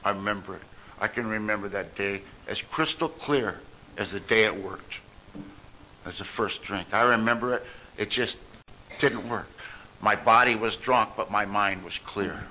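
A man tells his recovery story at a meeting in a forceful, ringing voice. He is emphatic and humorous. The sound is dull and lo-fi, with faint noise behind him. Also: fairly low pitch, a little slow. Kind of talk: personal recovery testimony.

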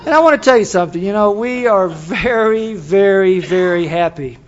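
A man's voice: high voice, lively intonation, muffled recording. Older man telling a folksy recovery story. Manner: folksy and self-deprecating, with halting restarts. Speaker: speaker sharing his story at a recovery meeting. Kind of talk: personal story told to a live audience. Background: audience laughter.

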